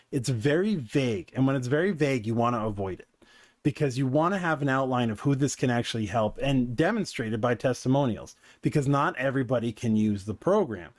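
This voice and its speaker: Man, business coach, casual commentary, dry close sound, mid pitch, rambling. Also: darkish tone, dry recording. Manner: conversational, digressive, filler-heavy.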